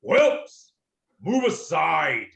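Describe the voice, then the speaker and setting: A man voicing a huge, wrathful, ancient male dragon who speaks in slow, menacing booms. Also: very animated, gravelly, fairly bright tone, full character voice. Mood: commanding. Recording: roomy echo.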